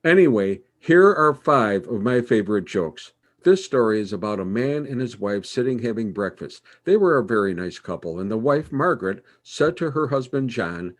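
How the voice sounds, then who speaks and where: A man's voice: lowish voice, normal speed, few pauses. A man hosting his own show and telling jokes in a playful storytelling way. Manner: animated, playful delivery.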